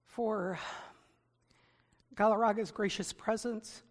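A woman giving a sermon in a conversational, self-deprecating way, getting animated when she gives examples. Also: medium pitch, slow pace, big-room sound. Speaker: preacher.

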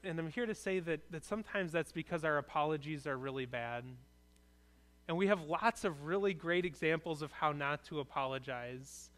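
A man's voice: a little high, fairly bright tone. A man preaching a conversational, earnest sermon as a pastor in a church, often restarting his phrases.

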